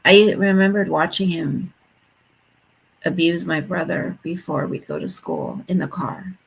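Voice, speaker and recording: A woman's voice: fairly low pitch, measured pace, creaky, husky, low-quality recording. A woman hosting a live stream, chatting casually with viewers and reading their comments aloud. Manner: reads viewer comments aloud and chats back.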